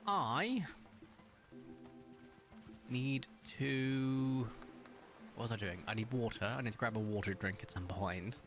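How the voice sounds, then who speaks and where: A man's voice: slow pace, long pauses, soft background music. Chatty man streaming. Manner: chatty and excitable, sudden jumps up in pitch. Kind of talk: casual live-stream chat.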